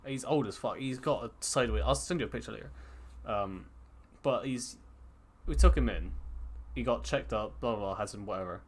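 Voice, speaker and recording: A man's voice: mid-range voice, fairly quick. A man co-hosting a casual podcast over an online call, rambling with many restarts and swearing. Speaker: podcast co-host. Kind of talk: casual chat.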